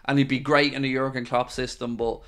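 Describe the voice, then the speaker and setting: A man's voice: medium pitch, little pitch movement, brisk, a bit bright. An Irish man hosting a live stream, answering viewer questions in a frank, chatty way and calling them mate. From Ireland. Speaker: host of a football fan channel.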